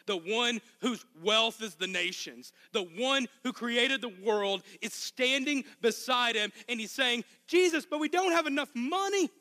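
A man with a Southern Arkansas accent delivers an impassioned sermon, driving his points home through repetition. His voice sits high with a bright, forceful edge. A long hall reverb trails behind him. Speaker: pastor.

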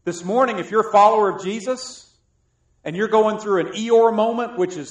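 Animated preacher in an echoey room. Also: male voice, sits high, normal speed. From South Carolina, US. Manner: animated, jokey preaching with sudden loud and soft swings. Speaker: pastor. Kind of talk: sermon.

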